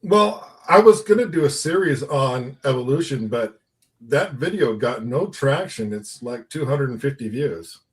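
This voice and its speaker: A man's voice: medium pitch, lively intonation, a little slow. A man talking as a guest who makes videos, matter-of-fact in casual chat, heard from a distance from the mic.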